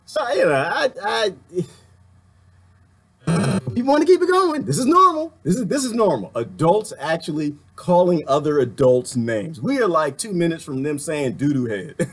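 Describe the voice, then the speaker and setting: A man ranting casually to his viewers, animated and often laughing, with a husky voice. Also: on the high side, normal speed. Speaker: vlogger. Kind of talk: casual rant to camera.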